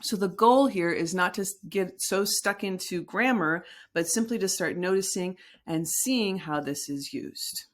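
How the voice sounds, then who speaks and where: A woman teaching a recorded Spanish lesson, explaining patiently and slowly with frequent fillers. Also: on the low side.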